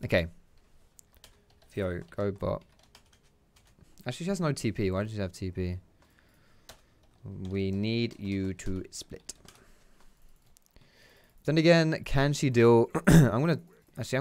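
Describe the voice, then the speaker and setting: A man's voice: fairly low pitch, big pitch swings, a little fast, long pauses, a little mellow. A young man giving casual, chatty commentary over his own gameplay, swearing and tossing out teasing asides.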